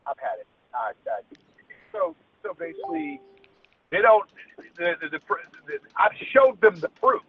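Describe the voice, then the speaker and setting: A man's voice: high voice, huge pitch swings, normal speed, slightly rough. A man on a phone call, ranting angrily with heavy swearing and stammered restarts. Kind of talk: heated phone conversation. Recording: tinny phone line with faint noise.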